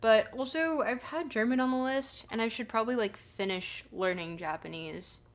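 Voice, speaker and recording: A woman's voice: a little high, normal speed. Chatty young woman streamer. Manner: rambling and chatty, with many fillers and restarts, bursts of playful excitement. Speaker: livestreamer reading chat. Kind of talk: casual chat with viewers.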